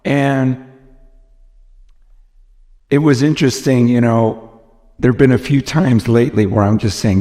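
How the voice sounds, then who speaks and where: A man's voice: medium pitch, measured pace, long pauses, dark tone. An American man preaching a sermon, earnest and emphatic, often repeating phrases, recorded in a large church hall. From United States. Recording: long reverb from a large hall.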